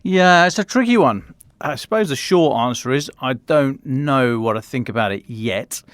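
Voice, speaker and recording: A man's voice: mid-range voice, lively intonation, normal speed, a bit bright, dry recording, clean studio sound. A man co-hosting a podcast, musing aloud in casual discussion, often restarting his sentences. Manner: thinking aloud, frequent restarts and fillers.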